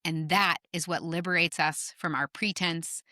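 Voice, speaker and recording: Brief: middle-aged woman, podcast guest, bright forceful tone, lower pitch, animated storyteller. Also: normal speed, no echo, studio quality. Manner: animated, emphatic storyteller, swears casually. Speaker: guest author. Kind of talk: podcast conversation.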